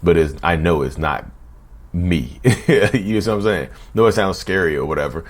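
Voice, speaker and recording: A man with a low voice, speaking at normal speed, hosts his own channel and talks casually to the camera. He's conversational, repeats himself, and frequently says "y'all" to his viewers.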